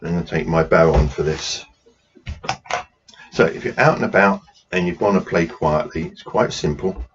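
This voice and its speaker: In a dull, noisy lo-fi recording, a low-pitched English man speaks at a moderate pace with long pauses. He's leading a drumming workshop, counting beats aloud as he plays and patiently walking through the rhythms.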